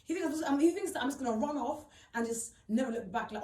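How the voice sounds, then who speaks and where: Play her as a high, blunt young woman. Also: expressive, fast, hardly any pauses, warm tone. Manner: blunt, emotional, slangy, swears often. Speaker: storyteller. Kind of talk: personal account, casual monologue. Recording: roomy, distant mic.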